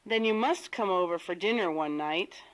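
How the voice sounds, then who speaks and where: A woman's voice: on the low side, moderate pace, close to an everyday voice, rough recording. A woman voicing a welcoming hostess in a textbook audio dialogue, speaking in a hospitable way. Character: welcoming hostess inviting a friend.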